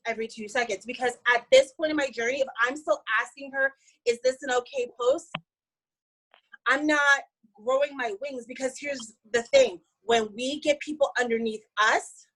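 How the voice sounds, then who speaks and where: A woman with a slightly high voice gives a motivational pep talk to her team. She is upbeat and emphatic, with a casual, chatty way of talking. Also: bright, forceful tone, low-quality recording. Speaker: network marketing team member.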